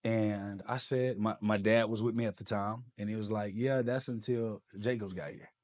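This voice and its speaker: Personal storytelling fills this podcast guest spot, as a man with a lowish voice relates his own experiences at a moderate pace. He's energetic and animated, performing the quoted lines of the people he mentions.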